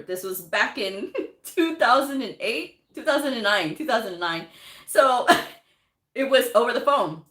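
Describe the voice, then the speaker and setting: A woman's voice: mid-range voice, fairly bright tone. Chatty woman giving advice, echoey room. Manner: chatty, laughs often, many fillers and restarts. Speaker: medical coding vlogger giving job advice. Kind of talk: casual advice monologue.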